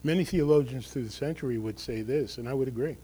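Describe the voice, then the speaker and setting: A man's voice: medium pitch, quick pace, warm tone, breathy edge, rough recording. A male pastor giving a conversational, emphatic sermon, often checking in with the congregation through tag questions.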